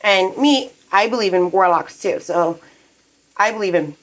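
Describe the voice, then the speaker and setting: A woman vents on a live stream from her apartment, her rant rambling and profane. Her talk is agitated and full of restarts, at an ordinary pitch for a woman. Food fries quietly in the background. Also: a little slow, a little hiss or hum, low-quality recording. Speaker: livestreamer.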